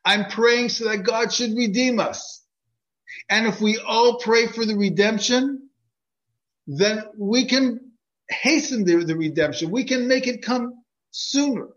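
A man voicing a pious elderly grand rabbi who speaks earnestly and gently, heard on a dull lo-fi recording. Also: high voice, slow pace, pitched above the performer's own voice.

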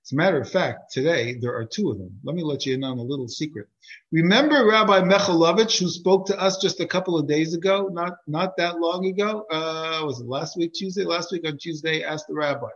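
A man teaching a class through lively, conversational storytelling, heard on a dull lo-fi recording. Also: fairly high pitch, a little fast. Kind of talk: animated storytelling lesson.

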